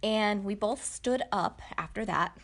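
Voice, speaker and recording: A woman, with a slightly gravelly edge. She tells a personal story to camera in a candid, reflective way. Her talk is chatty and full of fillers. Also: medium pitch, measured pace, a bit bright. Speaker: vlogger.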